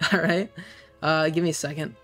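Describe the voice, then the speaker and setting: A game master describing the scene in a hesitant, meandering way, with frequent pauses, over soft music. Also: mid-range voice. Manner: hesitant, many fillers. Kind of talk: narrating a tabletop game.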